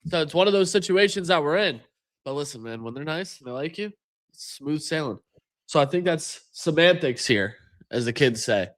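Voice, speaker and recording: A man's voice: animated, normal speed, a bit bright. A man co-hosting a podcast, joking with dry sarcasm in casual chat. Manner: dry sarcastic, low mumbled asides. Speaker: podcast co-host.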